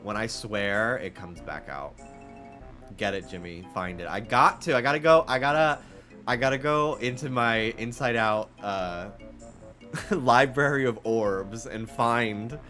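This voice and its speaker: A young man streams from his desk, chatting in a rambling, animated way with plenty of fillers. A faint New York accent slips into his mid-pitched voice, and soft music plays quietly underneath. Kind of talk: casual chat with live chat.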